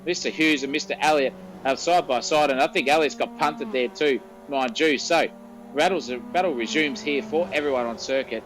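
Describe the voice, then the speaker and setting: A man's voice: mid-range voice, normal speed, soft background music, poor audio. A man with an Australian accent calling a sim race, colloquial and breathless as the battle heats up. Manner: breathless, colloquial, shouting over the action. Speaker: race commentator. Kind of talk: excitable sim racing commentary.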